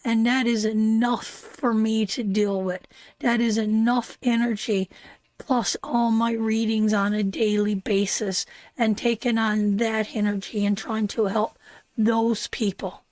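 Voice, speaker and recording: With a slightly high, darkish voice that barely moves in pitch, an older Newfoundland woman speaks at a measured pace in her Newfoundland accent. She hosts a live tarot stream, affectionate and casual, calling people darling and sweetheart. There's no echo.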